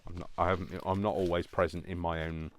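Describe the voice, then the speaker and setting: Very deep-voiced man, rambling crafter. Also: level tone, fast talker, a little hiss or hum. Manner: rambling self-talk, jokey asides. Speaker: craft channel host. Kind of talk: casual crafting chat.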